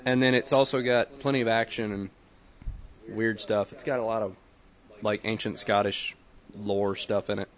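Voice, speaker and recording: A man's voice: on the low side, little pitch movement, moderate pace. A young man from the Southern US co-hosting a podcast, talking in a joking, rambling way and laughing often. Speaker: podcast co-host. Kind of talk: casual chat.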